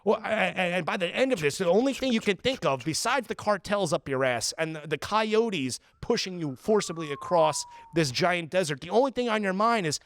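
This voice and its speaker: A man's voice: sits high, fairly quick, hardly any pauses, no room sound, clean studio sound. A man in his twenties hosting a podcast, ranting profanely and acting out little quoted scenes. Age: 20s. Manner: profane, animated storytelling with put-on quotes. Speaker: podcast host. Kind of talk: casual podcast rant.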